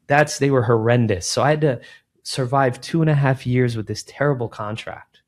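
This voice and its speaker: This interview guest, a middle-aged man who started a recruiting firm, speaks at normal speed in a mid-range voice. His storytelling is animated and casual, full of acted-out quotes and frequent "man" and "like."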